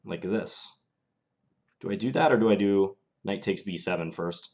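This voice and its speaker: A young man streaming chess live, calmly thinking aloud through his moves in a casual, analytical way. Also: sits low, normal speed, slight background noise.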